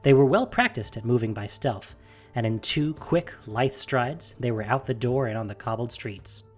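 A narrator reading a fantasy story aloud in a measured, steady storytelling manner. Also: mid-range voice, faint music behind.

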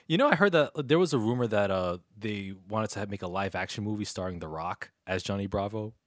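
A man's voice: fairly low pitch, animated, a little fast, dry recording, studio quality. A man in his thirties hosting a podcast in a casual chat, laid-back and teasing, with lots of fillers. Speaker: podcast host.

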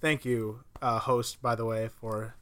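A man's voice: medium pitch, little pitch movement, measured pace, noisy background. A man co-hosting a casual film podcast, teasing his co-hosts in a dry, mock-indignant way. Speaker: podcast co-host.

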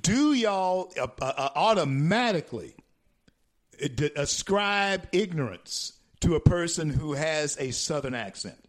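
A male talk radio host whose pitch swings widely as he talks. He stalls and repeats himself, then pushes on. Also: animated. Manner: halting, repeats phrases, with many fillers.

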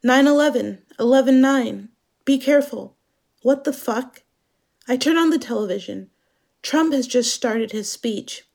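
A woman with a fairly high voice delivers a scripted dramatic monologue. She speaks slowly and in a measured, introspective way. She is from Germany. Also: darkish tone. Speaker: narrator.

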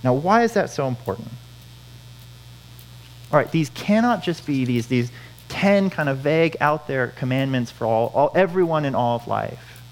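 A man's voice: medium pitch, expressive, moderate pace, low-quality recording. A man preaching a sermon, earnest, repeating key phrases for emphasis. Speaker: pastor.

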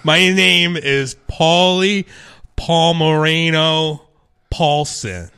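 A man's voice: a little high, expressive, moderate pace, bright, forceful tone. A man voicing a brash Italian-American pizza shop owner in an improvised comedy sketch, pushy and defensive. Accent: put-on Italian-American. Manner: pushy, defensive, laughing at his own bits.

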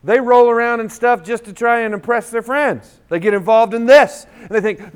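High-voiced man telling a story to a crowd. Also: fairly quick, hardly any pauses, smooth. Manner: animated, acts out dialogue, leads the crowd in chants. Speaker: motivational school speaker. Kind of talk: storytelling speech with call-and-response.

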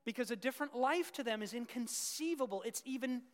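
A male preacher with a high voice delivers an emphatic sermon. He builds to fervent peaks and drops into casual asides. Long reverb fills the hall around him. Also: expressive, a little fast.

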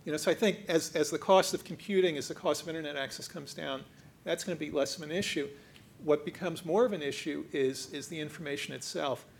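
Male panelist, raised pitch, gravelly texture, chatty with asides; faint rumble underneath. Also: brisk. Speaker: panel speaker. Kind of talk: public panel discussion.

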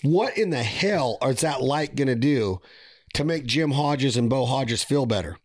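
A man's voice: mid-range voice, lively intonation, measured pace, dry recording, studio quality. Blunt, impassioned man hosting a podcast. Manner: blunt and impassioned, with mild swearing. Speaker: podcast host. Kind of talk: casual podcast conversation.

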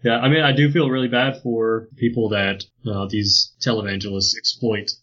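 Male podcast co-host, husky and bright, thoughtful and hedging; lo-fi sound. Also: lowish voice, fairly even intonation, moderate pace. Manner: thoughtful, hedging with fillers and restarts. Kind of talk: casual conversation on early Christian texts.

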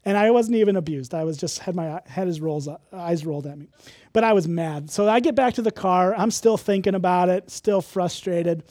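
A man's voice: sits high, fairly quick, darkish tone, no echo, clean studio sound. A man from Illinois preaching a sermon, candid and conversational, with self-deprecating humor. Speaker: pastor.

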